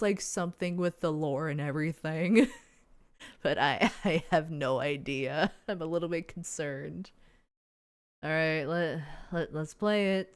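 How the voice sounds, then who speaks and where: A woman's voice: sits low, clean tone. A woman streamer reacting live, hesitant and often laughing in confusion.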